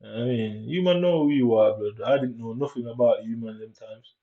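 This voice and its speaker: A young man rambles through a story, tagging nearly every sentence with a question and leaning on fillers. He speaks at an ordinary mid pitch. The recording sounds a little dull and lo-fi. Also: moderate pace. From Jamaica. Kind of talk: casual storytelling vlog, walking tour of his old school.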